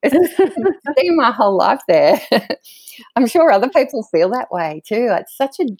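A middle-aged woman, a guest telling stories from her own life in a candid, animated way and laughing often as she talks. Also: a little high, normal speed, slightly rough, no room sound. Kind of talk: candid conversational storytelling.

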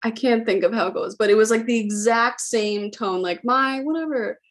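A woman hosting a podcast, telling a funny story in a casual, animated way and often laughing as she talks. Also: medium pitch, moderate pace. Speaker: podcast host.

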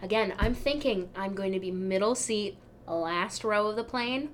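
A woman hosting a podcast, telling a travel story in a casual, animated way, her voice jumping up when she gets excited. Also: medium pitch, normal speed, slight background noise. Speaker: podcast host.

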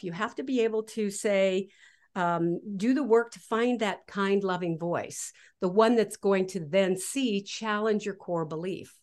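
A woman guest in a casual interview, explaining her ideas with animated, lively delivery and acting out inner voices. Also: mid-range voice. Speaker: guest author.

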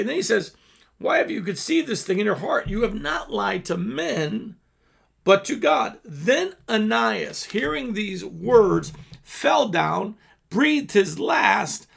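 A man's voice: high voice, vocal fry, fairly bright tone, slightly rough. A man hosting a Bible teaching show, reading scripture aloud and explaining it in a loose, conversational way with frequent restarts.

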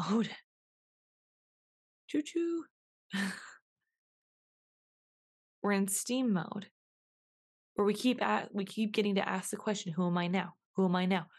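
A woman talks through a reflective solo podcast monologue at a middle pitch, musing and circling back over the same questions. Her delivery is unhurried and self-questioning. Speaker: podcast host.

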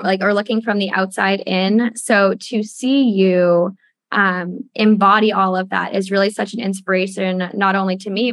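A woman's voice: medium pitch, no room sound. A young woman hosting a podcast, talking in an effusive, casual way, with lots of "like" and the odd swear word. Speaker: podcast host.

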